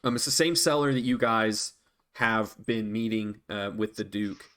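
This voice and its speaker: A man narrating and running a tabletop role-playing game, relaxed, with many fillers and frequent laughs. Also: lowish voice, normal speed. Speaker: dungeon master.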